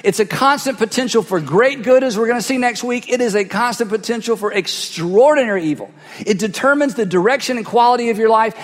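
With a very high-pitched voice at a fairly quick pace, a man preaches in a church sanctuary, repeating phrases emphatically for effect. He speaks into a cheek microphone, and the sound has a long hall reverb.

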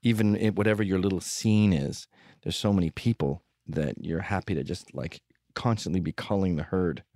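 A man's voice: low-pitched, moderate pace, a little mellow, dry recording, clean studio sound. A man telling rambling, profane stories with sardonic humor in a comedic monologue. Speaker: podcast host telling stories.

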